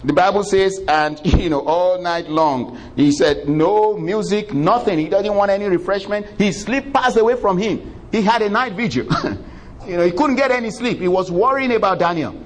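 A male preacher telling a story in a sermon, animated and conversational, laughing often and breaking into exclamations of praise. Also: sits high, moderate pace. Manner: conversational, many fillers.

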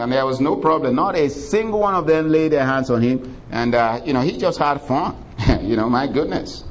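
A male preacher telling a story in a sermon, animated and conversational, laughing often and breaking into exclamations of praise. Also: a little high, moderate pace, a faint crowd. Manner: conversational, many fillers.

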